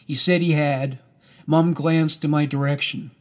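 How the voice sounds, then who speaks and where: A man reads a memoir aloud in a measured, somber voice. He takes his time and lets each sentence land slowly. His voice sits a little higher than most men's. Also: fairly even intonation. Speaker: audiobook narrator. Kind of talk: memoir narration.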